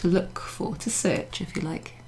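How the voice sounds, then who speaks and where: Woman, teacher, patient step-by-step explaining, low-ish voice, beginners' class. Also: normal speed, darkish tone, breathy edge. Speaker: French teacher. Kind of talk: classroom French lesson. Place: pub function room, classroom class.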